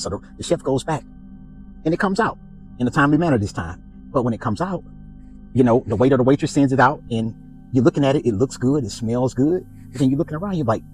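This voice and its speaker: A man's voice: medium pitch, fast talker, soft background music, low-quality recording. A man hosting a casual spiritual reflection, telling a story and acting out the voices in it. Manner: animated storytelling, acts out dialogue. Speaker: podcast host.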